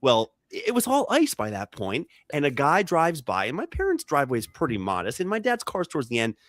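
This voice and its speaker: Animated man telling a funny story. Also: fairly quick, no echo. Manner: animated, acts out quoted people with jumps in pitch. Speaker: podcast co-host. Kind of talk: casual comedic storytelling.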